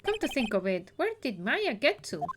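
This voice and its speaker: An awkward, apologetic young lawyer, read by a woman in a video game, in a high, lively voice. He keeps stumbling over his words. Game music runs behind. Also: normal speed. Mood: earnest. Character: flustered young male defense lawyer.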